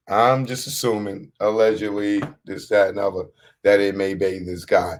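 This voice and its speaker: A man's voice: lowish voice, unhurried. A man hosting a show, giving blunt, streetwise commentary on a clip he has just played. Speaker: podcast host.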